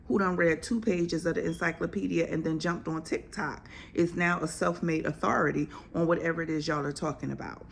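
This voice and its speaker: This is a female OB-GYN and podcast host whose fairly low voice carries vocal fry and moves at a fairly quick clip. Over slight background noise, she gives her listeners a casual health talk full of slang, delivered bluntly and with emphasis.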